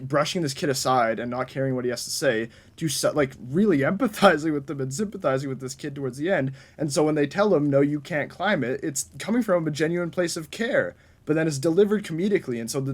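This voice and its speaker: A man co-hosting a casual film review podcast, carefully laying out his reading of a scene. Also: a little high. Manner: analytical, explains his point carefully. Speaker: podcast co-host.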